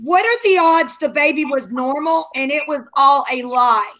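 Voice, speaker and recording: A woman's voice: high voice, expressive, normal speed, a loud crowd. A woman hosting a casual book club chat, relaying viewer comments and giving her opinions. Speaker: book club host reading questions. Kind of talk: casual group chat over video call.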